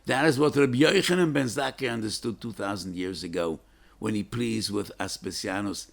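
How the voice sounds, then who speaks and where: Older rabbi with a low, gravelly voice. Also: male voice. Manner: earnest and emphatic, with rising, pleading questions; mixes Hebrew and Yiddish terms into his English. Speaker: rabbi giving a weekly class. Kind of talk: storytelling Torah lecture.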